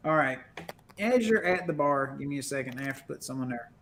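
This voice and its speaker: A man narrating as game master of a tabletop game, in a relaxed, loose storytelling manner. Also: mid-range voice, a little fast, slight background noise.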